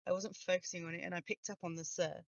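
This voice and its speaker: A woman co-hosting a casual talk show, relaxed and talkative with frequent laughter. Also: lowish voice, fast talker, creaky, dry recording. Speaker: co-host. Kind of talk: casual chat.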